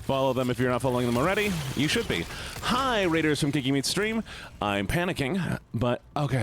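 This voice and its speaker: Excitable streamer man, swinging pitch. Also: a little fast. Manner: excitable, swears often, repeats words in bursts. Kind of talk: live gameplay stream chat.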